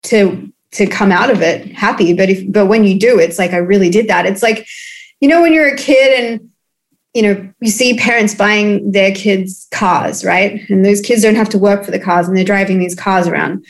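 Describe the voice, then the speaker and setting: On a video call, a musician guest in her thirties from Australia gives a candid, casual interview, often using fillers and restarting sentences. Her voice is mid-range and her pace moderate.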